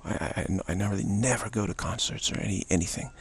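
A man's voice: low voice, quick pace, breathy edge. A man giving an informal spiritual talk as a teacher, telling stories with animation and often repeating and restarting his words. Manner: animated storyteller, acts out other people's voices.

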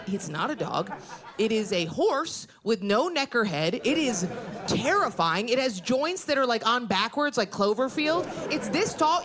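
A woman performing stand-up comedy on a club stage, animated and slipping into high exaggerated voices. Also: moderate pace, crowd noise.

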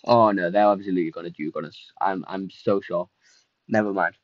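A young streamer with a low voice gives casual commentary on his livestreamed game, talking fairly quickly, excitable and poking fun at himself, with fillers scattered throughout. He bounces between groans, small brags and chatting with viewers. The recording is dry and slightly dull, like a home mic held close.

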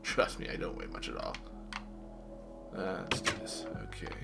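A man's voice: normal speed, loud music behind the voice. A man casually commenting on his video game play, playful and chatty, talking to the animals in the game. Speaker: gamer.

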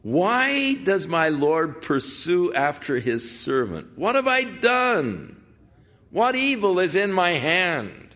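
A man voicing a young male warrior who calls out loudly and pleads, as he reads the scene aloud in a sermon. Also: medium pitch, lively intonation, fairly quick, few pauses, close to an everyday voice. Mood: pleading. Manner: loud, pleading, calling out. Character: young male warrior calling out across hills.

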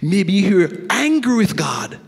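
A middle-aged man preaching a sermon as a guest preacher, swinging from animated storytelling to hushed intensity. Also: high-pitched, takes it slowly, creaky, husky. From Jamaica. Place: church sanctuary. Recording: echoey church hall.

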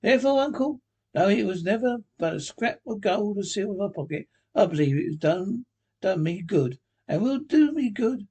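A man voicing a cheerful, warm-hearted young man who speaks in a bright, eager, pleading way, with a husky voice. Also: sits high, lively intonation, normal speed, pitched above the performer's own voice, heavily acted. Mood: earnest.

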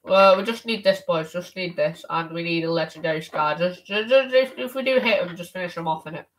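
A woman streaming a video game in casual, slangy commentary, excitable and exclaiming, at times shouting. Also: lowish voice, a little fast, low-quality recording. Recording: steady background noise with clicks.

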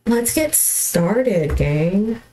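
A woman's voice: mid-range voice, lively intonation, drawn-out words, mellow, low-quality recording. A young woman streaming a video game from home, talking casually with lots of fillers and restarts and often apologizing with a laugh. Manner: rambling, chatty, many fillers and restarts. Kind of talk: casual livestream chat while gaming.

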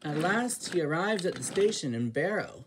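A woman's voice: low voice, big pitch swings, normal speed, noisy background. A woman narrating a fan-made railway storybook in a plain reading manner.

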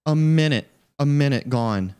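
A man narrates his own live gameplay, muttering and swearing through frustrated outbursts. His pitch sits at an ordinary middle. A faint background hiss runs under the stream. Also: lively intonation, unhurried, warm tone.

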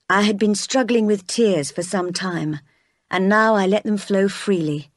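A woman reading a graded reader aloud, calm and clear, as a storyteller. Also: medium pitch, measured pace, no echo, clean studio sound. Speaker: narrator.

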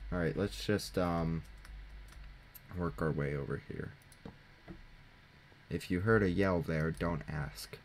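A teenage boy casually commenting on his own gameplay into a desk mic, chatty and jokey, thinking out loud and poking fun at himself. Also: low voice. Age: teens. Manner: chatty, jokey, self-mocking, thinking aloud. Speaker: gaming channel host. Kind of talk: casual let's-play commentary. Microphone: desk microphone.

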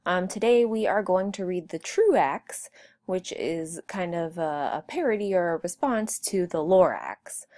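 A woman teacher reading a rhyming picture book aloud, with a slow storyteller cadence. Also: lowish voice, expressive, a little mellow.

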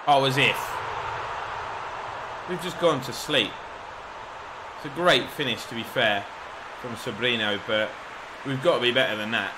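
A young man giving excitable, rambling live commentary over a football video game, shouting encouragement at the players and joking at himself. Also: mid-range voice, normal speed, pauses often, background noise. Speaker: gaming YouTuber.

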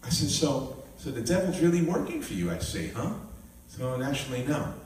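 A male minister preaching a live sermon and telling a personal story with lively, animated delivery. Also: mid-range voice, a little fast. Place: live church gathering. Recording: echoey room, mic at a distance, faint noise.

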